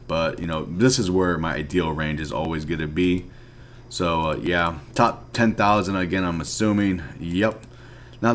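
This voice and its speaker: A young man giving casual commentary on a mobile card game, ranting in frustration, swinging from mumbled asides to loud outbursts. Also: lowish voice. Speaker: mobile game video creator.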